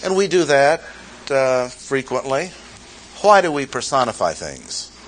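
A man's voice: medium pitch, big pitch swings, measured pace, slight background noise, low-quality recording. A man teaching a sermon, emphatic, asking the audience questions and repeating key phrases. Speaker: Bible teacher. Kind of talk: expository sermon.

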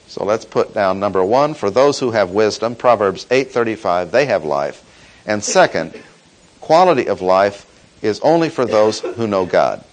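A man delivers a Bible-teaching sermon with a measured, emphatic delivery. His pitch moves freely up and down as he leans on key words, slowing right down for stress. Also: expressive, low-quality recording. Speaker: preacher. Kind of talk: expository sermon.

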